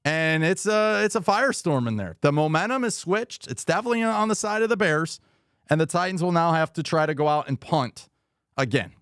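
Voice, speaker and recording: A man hosts a live football watch party stream, rambling through frustrated commentary on each play. His voice sits a little high and comes through smooth and clear. The mic is close and the room sounds dry. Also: fairly bright tone, dry recording. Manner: frustrated, rambling, reads viewer comments aloud. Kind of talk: live game commentary and chat.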